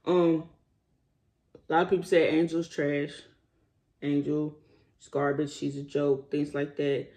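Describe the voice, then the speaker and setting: Animated man ranting straight to viewers. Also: fairly high pitch, measured pace, pauses often. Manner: animated, rising to indignant emphasis; talks straight to viewers as y'all. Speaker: commentary vlogger. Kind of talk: casual opinion vlog.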